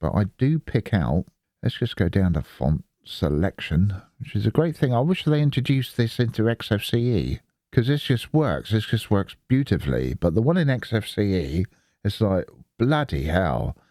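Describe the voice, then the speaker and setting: A rambling, chatty man from the Isle of Wight. His low voice is dark and mellow, but it rises and falls a lot as he talks to himself. It sounds dry and close, with no room sound. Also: big pitch swings, normal speed, dry recording. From Isle of Wight, England. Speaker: Linux video host. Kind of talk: casual screen-recording commentary.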